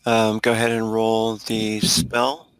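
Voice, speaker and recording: A man running a tabletop game as game master, talking in halting bursts with frequent laughs. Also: fairly low pitch, completely flat delivery, a little hiss or hum. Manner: halting, laughs often between rulings.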